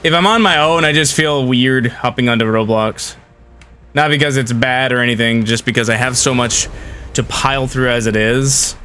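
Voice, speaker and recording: A man's voice: medium pitch, normal speed, bright, forceful tone, faint music behind. A young man chatting casually with viewers while he livestreams a game, rambling in a friendly way. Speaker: game streamer. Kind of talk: casual live-stream chat while gaming.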